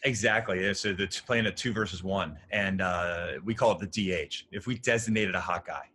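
Deep-voiced man coaching talk. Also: normal speed, slight background noise. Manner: animated, rambling storyteller with many fillers. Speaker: lacrosse coach. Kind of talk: casual podcast conversation.

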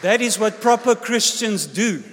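A man, a senior pastor preaching a sermon with jokes and an animated delivery. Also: high voice, a little slow, slight background noise. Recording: long hall reverb.

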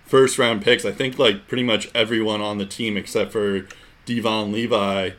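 A man's voice: lowish voice, fairly even intonation, normal speed, a bit bright. A man co-hosting a casual sports podcast, rambling with lots of fillers. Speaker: podcast co-host.

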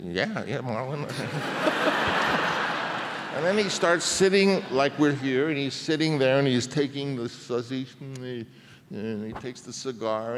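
A man's voice: mid-range voice, a little hiss or hum. A man in his seventies, a guest telling long, rambling anecdotes at a public conversation event, with frequent restarts. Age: 70s. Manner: rambling, with many restarts and fillers. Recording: reverberant hall.

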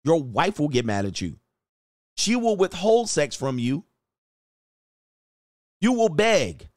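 A man's voice: a little high, sing-song, slow, darkish tone, no echo, clean studio sound. A man coaching in a blunt, crude motivational monologue, with short phrases he repeats for emphasis. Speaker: dating and life coach.

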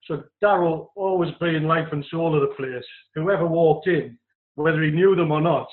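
A man telling animated anecdotes about former teammates in casual podcast chat. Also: on the high side, moderate pace. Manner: animated storyteller, mimics others in quotes. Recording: tinny phone-like remote line.

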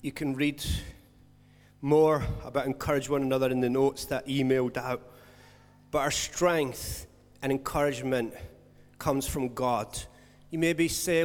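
Man, pastor, sermon, earnest, mid-pitched voice, loud stresses and soft lows, long hall reverb. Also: steady tone, measured pace, soft background music.

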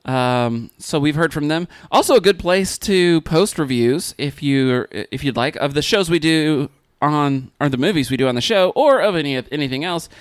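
A woman hosting a podcast in loose, playful chat, her pitch swinging widely as she jokes and laughs. The sound is close and dry, with no room around it. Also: normal speed, few pauses, dry recording. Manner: animated, joking, laughs often. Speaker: podcast host.

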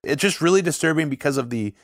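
A man co-hosting a podcast, talking in long casual runs full of "like" fillers and getting animated when something shocks him. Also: a little high, quick pace, no echo, studio quality. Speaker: podcast co-host. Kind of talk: casual conversational podcast chat.

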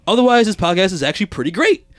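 A man's voice: high-pitched, very animated, racing, no room sound, clean studio sound. A man hosting a podcast, chatting casually, reading listener reviews aloud and laughing often. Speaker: podcast host.

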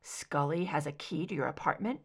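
A woman's voice: low voice, normal speed, breathy edge, voice pushed down. A woman voicing a tense male agent. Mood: terse.

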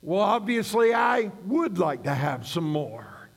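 A middle-aged man preaching a sermon, building to shouted emphasis on key phrases. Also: high-pitched, very animated, takes it slowly, vocal fry. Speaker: pastor.

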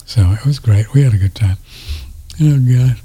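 A man's voice: medium pitch, moderate pace, mellow, husky. A man telling a story in a casual chat on a studio mic, rambling, emotional and tender, often laughing.

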